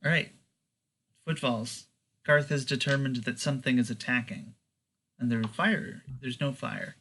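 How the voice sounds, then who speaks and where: A man narrating as game master of a tabletop game, in slow, halting narration with many fillers. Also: medium pitch, bright, forceful tone.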